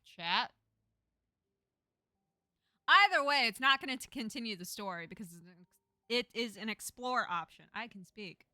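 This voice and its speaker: A woman with a Texan accent streaming a game, reading it aloud, playful and quick to swear and laugh. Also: fairly high pitch, lively intonation, bright, forceful tone, dry recording.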